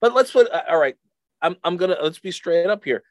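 A middle-aged man co-hosting a casual chat, rambling and halting with many restarts. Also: sits high, animated, dry recording. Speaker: podcast co-host.

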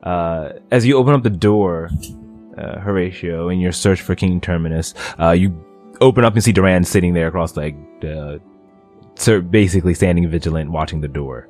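A man's voice: sits low, normal speed, darkish tone, faint music behind. A man narrating a tabletop game as game master, rambling with many fillers.

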